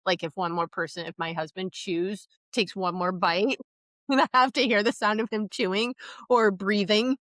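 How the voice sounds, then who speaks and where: A woman's voice: mid-range voice, moderate pace, fairly bright tone, no echo. A middle-aged woman co-hosting a podcast, talking frankly and with a lot of swearing in casual chat. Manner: frank, profane, self-deprecating. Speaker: podcast co-host.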